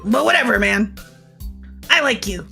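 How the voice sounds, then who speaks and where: A woman's voice: fairly high pitch, lively intonation, measured pace, vocal fry, pushed and bright, faint music behind, heavily acted. A woman voicing a paranoid, rambling teenage boy who talks in conspiracies.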